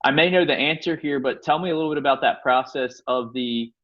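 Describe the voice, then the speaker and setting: A man hosts a podcast and asks probing, conversational questions. He talks quickly, and the sound is slightly dull and lo-fi. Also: mid-range voice. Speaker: podcast host. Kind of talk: interview questions.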